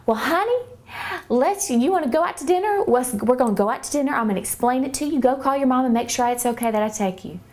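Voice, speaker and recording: A woman's voice: sits high, lively intonation, fast, darkish tone, voice pushed up. A woman imitating a tiny, sweet older woman who coaxes a girl kindly and eagerly. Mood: sweetly coaxing.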